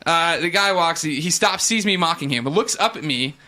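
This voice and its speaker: Brief: male storyteller, slightly high voice, animated and chuckly. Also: moderate pace. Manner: animated, laughs often while talking. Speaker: podcast guest telling a story. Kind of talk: casual storytelling.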